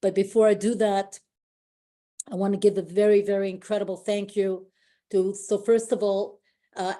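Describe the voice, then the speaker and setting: A woman's voice: medium pitch, warm tone. A woman giving an emotional, effusive motivational speech to her company team on a call, often repeating herself and restarting sentences.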